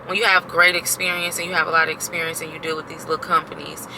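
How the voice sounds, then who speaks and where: A woman's voice: deep voice, level tone, fast talker, noisy background. A woman in her thirties casually venting to her camera, exasperated and emphatic, repeating herself and swearing freely. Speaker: vlogger.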